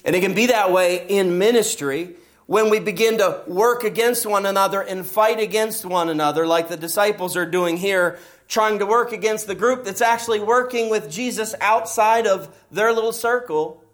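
A man's voice: high-pitched, normal speed, a bit bright. A middle-aged man preaching a sermon as pastor, telling stories and pressing his points with emphasis. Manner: storytelling, emphatic with rising passages.

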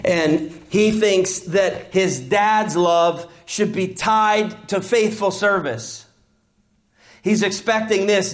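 Slow-preaching man in a church. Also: high-pitched, faint music behind. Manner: preaching, dramatic voicing of the parable's characters. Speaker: pastor. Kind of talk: sermon.

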